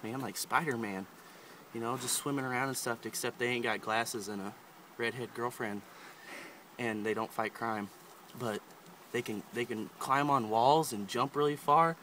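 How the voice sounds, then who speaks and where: Young man playing a mock lizard expert. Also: medium pitch. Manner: casual, confident mock-expert talk. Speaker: mock nature guide. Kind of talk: goofy nature-show parody. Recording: outdoor camera audio with noise.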